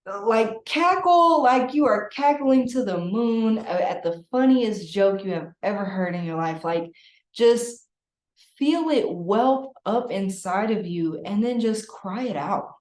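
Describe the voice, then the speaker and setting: A woman's voice: mid-range voice, a little mellow. A woman energy healer guiding a client through a spiritual session in a playful, laughing way. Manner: playful, laughing, breathy coaching. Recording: roomy echo.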